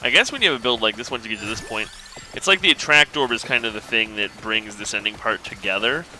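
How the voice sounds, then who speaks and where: A man casually commenting on his own gameplay, thinking aloud in a relaxed, rambling way. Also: on the low side, fast talker, faint music behind, rough recording. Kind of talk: casual let's-play commentary.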